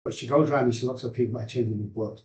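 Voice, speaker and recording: A man's voice: mid-range voice, steady tone, rapid-fire, dark tone. A man, an addiction specialist earnestly telling his life story in rambling, heartfelt sentences. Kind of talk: emotional personal storytelling. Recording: roomy echo.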